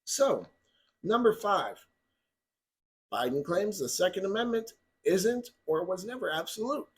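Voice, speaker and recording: A man's voice: sits high, very animated, a little slow, pauses often. A man vlogging about firearms in heated, ranting commentary, blunt and profane. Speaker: gun channel vlogger.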